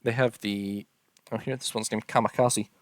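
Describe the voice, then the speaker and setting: A tired man with a low voice talks through a strategy game in casual, unhurried commentary. He yawns between lists of figures and fills gaps with ums. The sound is close and dry, with no room around it. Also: steady tone, no echo. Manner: unhurried, listing details with many ums and uhs. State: tired, yawning. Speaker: strategy game let's-player.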